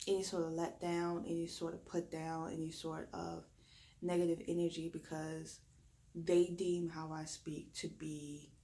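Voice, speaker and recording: A woman with a Southern drawl, a deep raspy voice and a lisp, giving a spoken reflection as a reiki practitioner. She tends to talk fast when excited but deliberately slows herself down.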